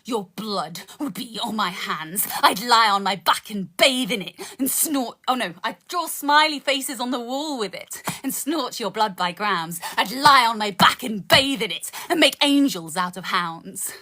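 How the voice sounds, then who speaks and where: Uk woman ranting raw spoken word rap into her phone, high bright voice. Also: animated, measured pace, hardly any pauses. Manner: intense, swearing, shifts between rapping and chatting. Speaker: live-streaming spoken word rapper.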